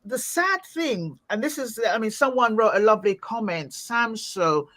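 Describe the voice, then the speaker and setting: A woman's voice: on the high side, lively intonation, moderate pace. A woman hosting a podcast, chatting casually with a guest and peppering her talk with "you know". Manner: chatty, warm-hearted, lots of "you know". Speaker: podcast host. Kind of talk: casual interview chat.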